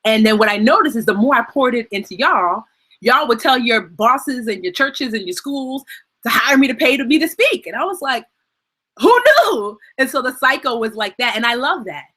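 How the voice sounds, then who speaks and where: A chatty, emotional woman in her thirties hosts a casual live-stream Q&A. Her voice is bright and a bit husky, and she talks openly, laughing at herself and getting teary as she goes. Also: fairly high pitch, animated, a little fast. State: tearful, crying at times. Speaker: personal finance educator and host.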